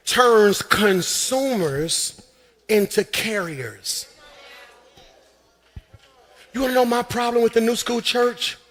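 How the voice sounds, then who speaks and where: A man preaching a sermon as pastor in a church, shouting and swinging into sing-song runs. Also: high-pitched. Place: church sanctuary.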